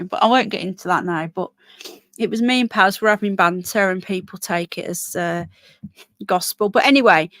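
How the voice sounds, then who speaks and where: A woman chats casually on a live stream as she walks through a small town, reading viewer comments and news text aloud. Her voice is a little hoarse, picked up dry and close on a handheld phone. Her pitch sits in an ordinary middle range. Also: fairly bright tone, no room sound. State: hoarse, voice keeps going. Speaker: livestreamer.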